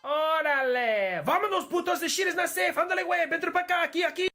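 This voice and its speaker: A man plays Mexico in a panic. He yells high and loud. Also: fast, over music. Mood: frantic. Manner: yelling, frantic. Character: frantic shouting male Mexico.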